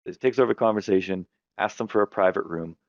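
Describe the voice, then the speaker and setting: Man, very deep voice, game master, casual podcast chat, rambling, corrects himself mid-sentence, dull dry recording. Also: quick pace, no room sound. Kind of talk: casual chat about tabletop games.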